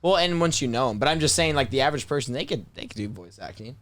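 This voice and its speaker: A man's voice: medium pitch, animated, fast talker, a bit bright, no room sound. A man in his twenties co-hosting a casual podcast, teasing the guest and laughing often. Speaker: podcast co-host.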